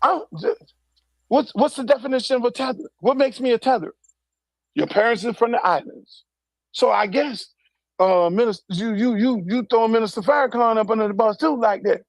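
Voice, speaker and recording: List: man, raspy fry in the voice, close dry recording, angry ranting, cussing, repeated questions. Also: very high voice, fairly quick, no room sound. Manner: fiery, profane, repeats rhetorical questions. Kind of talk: heated political rant.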